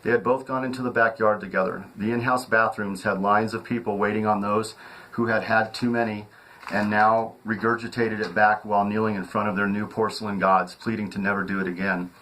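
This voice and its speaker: Low-voiced man reading his novel aloud. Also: low-quality recording. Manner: steady reading with occasional slips and restarts. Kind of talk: audiobook narration.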